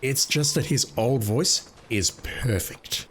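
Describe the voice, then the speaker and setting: A man's voice: mid-range voice, takes it slowly, fairly bright tone, slight background noise. A man giving casual, wry, opinionated commentary over a video game playthrough. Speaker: gaming video creator. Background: game music.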